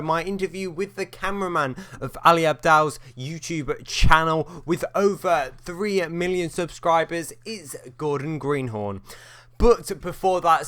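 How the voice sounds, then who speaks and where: A young man hosting a casual interview podcast, earnest and a little halting as he introduces and questions his guest. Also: a little high, fairly bright tone, clear, resonant tone, no room sound. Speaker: podcast host.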